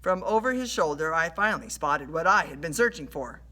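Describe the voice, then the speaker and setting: A woman reading a children's adventure story aloud in an animated storytelling way. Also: low-pitched, a little fast. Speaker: storybook reader.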